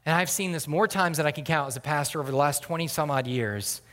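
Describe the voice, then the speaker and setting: A man's voice: on the high side, fast, a bit bright. A middle-aged man preaching a sermon as a pastor, earnest and building to emphatic peaks, often restarting his words. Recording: long hall reverb.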